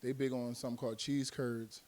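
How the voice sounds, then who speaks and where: A former football player from Miami, United States, chats casually in a recording studio, telling long, rambling stories and laughing often between points. His voice is medium-pitched and darkish, with little pitch movement, and he talks a little fast.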